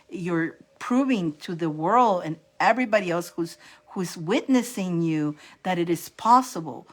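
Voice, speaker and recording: A woman giving a casual, rambling spiritual pep talk to her viewers, often restarting and repeating phrases. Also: lowish voice. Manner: rambling, animated, laughing at herself. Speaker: spiritual coach and reader.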